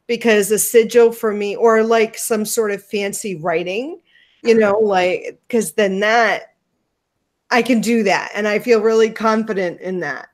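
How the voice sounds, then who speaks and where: A woman from the United States hosting a casual question-and-answer chat, rambling and relaxed. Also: mid-range voice, unhurried. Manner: rambling, lots of fillers, relaxed. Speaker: host.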